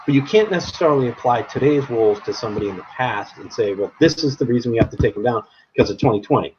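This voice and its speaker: A man co-hosting a casual podcast chat, opinionated and animated, laughing often. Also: medium pitch, quick pace. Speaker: podcast co-host. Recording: dull lo-fi sound with faint noise.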